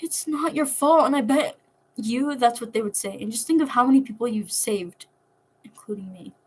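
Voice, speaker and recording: A woman voicing a guarded but fiercely protective young man, speaking earnestly and softly. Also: fairly high pitch, moderate pace, slightly rough. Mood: tender.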